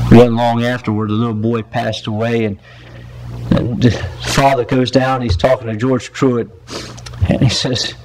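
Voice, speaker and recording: A man's voice: medium pitch, steady tone, normal speed, a little mellow, slight background noise, rough recording. A man preaching a sermon as pastor in a church, telling stories earnestly and often repeating or restarting his words. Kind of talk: sermon with storytelling. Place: church sanctuary.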